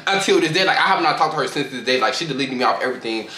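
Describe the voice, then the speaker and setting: A young man telling a profane, animated storytime to his vlog audience, often breaking into laughter. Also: medium pitch, racing. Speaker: vlogger. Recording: echoey room.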